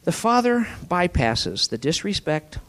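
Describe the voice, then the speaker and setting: A fairly high-voiced man preaching with great animation, his pitch leaping up and down from phrase to phrase. He moves between forceful emphasis and near-whispered lines. He keeps asking the congregation rhetorical questions. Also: big pitch swings, unhurried. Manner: dramatic, swinging from forceful emphasis to hushed whispers. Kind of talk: sermon.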